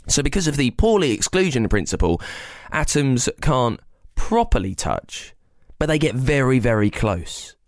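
A man with a slightly gravelly voice hosts a children's science podcast, explaining things in a playful, chatty, unhurried way and talking straight to young listeners. His sing-song pitch swings up and down with lots of life, and he often asks the listener questions. The recording is close and dry, with no echo or room sound.

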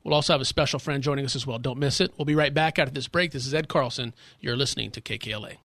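A man's voice: mid-range voice, racing, a bit bright, no echo, studio quality. A man hosting a radio talk show, effusive and enthusiastic with his guest. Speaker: radio host.

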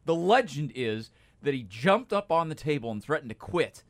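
Wry storytelling sports radio co-host. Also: male voice, a little high, big pitch swings, normal speed. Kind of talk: casual sports talk radio. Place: radio studio. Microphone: studio microphone.

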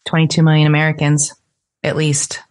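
A woman's voice: low voice, monotone, fairly quick, darkish tone. A middle-aged woman, an interview guest, telling her personal story earnestly and lifting her voice when she quotes people.

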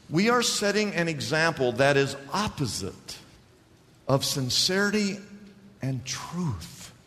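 A pastor preaches emphatically in a church sanctuary, his fairly high voice pushed and bright. He calls out for responses from the congregation and draws out key words, with the church hall's reverb audible in the recording.

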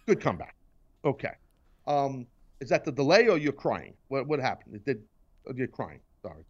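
A man's voice: medium pitch, big pitch swings, normal speed, a little mellow, highs cut off. A man hosting a casual talk show, ranting in mock anger and teasing his crew. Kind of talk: casual sports and wrestling chat.

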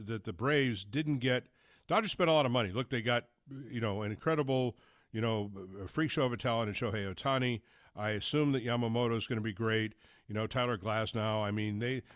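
A man hosts a sports call-in show at a studio mic, voice sitting at an ordinary middle pitch. He rambles, doubles back on his words and drops little laughs. The sound is close and dry. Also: a bit bright, no echo. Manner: rambling, stop-start, chuckling asides. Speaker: sports radio host. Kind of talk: call-in radio talk.

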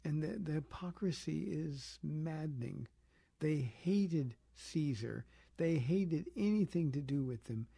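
A man with a gravelly, husky voice answers listeners' Bible questions on call-in radio. His tone is dark and mellow, and he talks in an easygoing, thoughtful way, full of small fillers. The studio sound is dry and close. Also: fairly high pitch, expressive, slow pace, dry recording. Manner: conversational, thoughtful, many fillers. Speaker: pastor answering callers on a radio show.

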